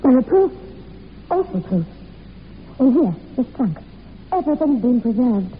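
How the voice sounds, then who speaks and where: A young woman acting in a 1940s radio drama, telling a dark family legend in an intense, breathless way. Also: high-pitched, big pitch swings, a little slow. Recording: tinny old radio recording with faint hiss.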